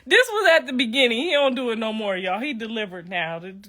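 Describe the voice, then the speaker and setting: A woman's voice: fairly high pitch, expressive, quick pace, fairly bright tone. A middle-aged woman talking casually to viewers on a livestream, telling profane stories and laughing through her words. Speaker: livestream host.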